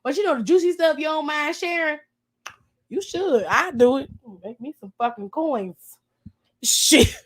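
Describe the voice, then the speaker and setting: A woman's voice: high voice, animated, a little slow. A woman co-hosting a podcast in casual chat, telling stories animatedly, laughing often and swearing freely. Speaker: podcast co-host.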